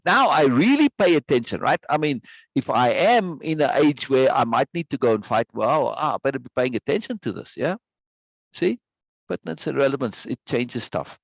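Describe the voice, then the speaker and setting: A man's voice: mid-range voice, dry recording, dull audio. A man teaching a live online course, talking conversationally, repeating words for emphasis and often checking in with "right?". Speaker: course instructor. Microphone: video call microphone.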